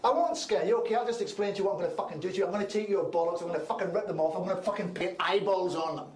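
A man's voice: high voice, very fast, darkish tone, slightly rough. An actor playing a foul-mouthed, furious male government spin doctor with a Scottish accent, delivering savage, inventive profane rants in a TV comedy. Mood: scathing. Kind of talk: TV comedy acting.

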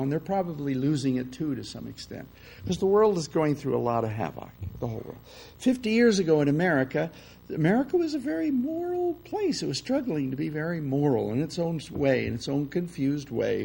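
An older male spiritual teacher lectures in a conversational way, checking in with his listeners often. His voice is gravelly and breathy and sits a little high for a man. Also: mellow, poor audio. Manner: conversational, often checks in with "okay?" and "you see".

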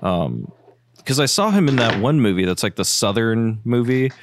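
A man's voice: medium pitch, animated, moderate pace, noisy background. A man chatting casually, laughing often and swearing easily. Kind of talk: casual chat.

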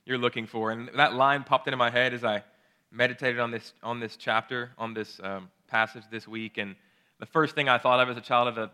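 Bright-voiced man preaching a sermon. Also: medium pitch, brisk, smooth. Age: late 30s. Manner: earnest, excitable, restarts phrases often. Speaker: pastor.

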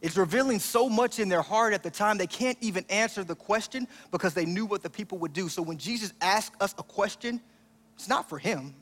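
A man's voice: sits high, animated, a little fast, a bit bright, big-room sound. A man preaching a sermon as pastor, in a conversational style that acts out the lines he quotes.

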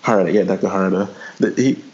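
A man's voice: low-pitched, rapid-fire, a little mellow. A man guest-hosting a casual podcast, talking hesitantly with lots of restarts. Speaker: guest co-host. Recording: dull lo-fi sound.

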